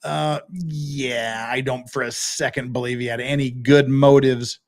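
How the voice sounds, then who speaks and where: A man's voice: medium pitch, fairly even intonation, unhurried. A man hosting a live-stream legal commentary show, ranting in a profane, sarcastic and exasperated way.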